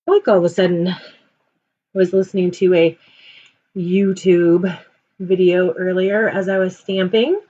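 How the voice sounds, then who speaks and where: A woman's voice: fairly low pitch, little pitch movement, a little slow, long pauses, warm tone, dull audio. A woman hosting a live card-making tutorial, chatty and rambling, often correcting herself.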